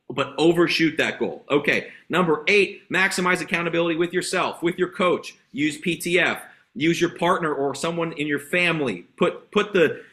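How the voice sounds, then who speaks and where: A man leads a motivational sales training over a video call. His voice is bright and forceful and sits a little high for a man. He talks with high energy and keeps stacking short repeated commands. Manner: energetic, hyped, repetitive exhortations. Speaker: sales coach.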